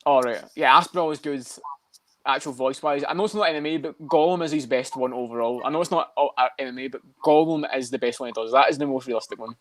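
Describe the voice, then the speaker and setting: Fast-talking Scottish man, casual chat. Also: mid-range voice. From Scotland. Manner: swears constantly, quick and chatty. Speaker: podcast co-host.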